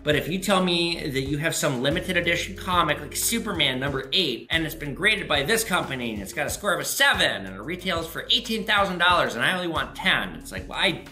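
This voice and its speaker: A man's voice: a little fast, hardly any pauses. A man hosting his own show, answering viewer questions and telling stories in a casual, profane way. He is recorded in an echoey room with faint music. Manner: animated, profane, jumps to high pitch for quoted voices. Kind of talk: casual storytelling monologue.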